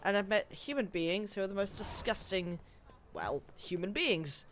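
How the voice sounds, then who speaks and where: A woman's voice: medium pitch, lively intonation, moderate pace, faint music behind. A woman streaming a video game, chatting casually and rambling as she plays, swearing and laughing at her mishaps. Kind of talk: casual gameplay commentary.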